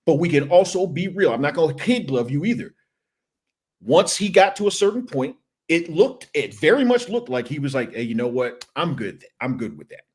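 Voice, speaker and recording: A man's voice: on the high side, sing-song, normal speed, husky. A man guest on a sports podcast, talking emphatically in casual chat with frequent restarts and asides.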